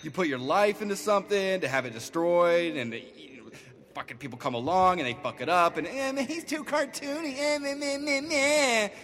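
A man's voice: on the high side, animated, a little fast, fairly bright tone, long reverb tail. An actor playing a brash, foul-mouthed, selfish male miser who curses and mocks constantly. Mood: pleading. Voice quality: crude, cursing, sarcastic. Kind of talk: comedy audio parody.

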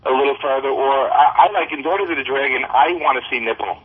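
Husky-voiced man telling bawdy stories. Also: mid-range voice, fast talker, narrow, tinny audio. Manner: laughing, bawdy storytelling. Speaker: comic book writer guest. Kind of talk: casual podcast chat.

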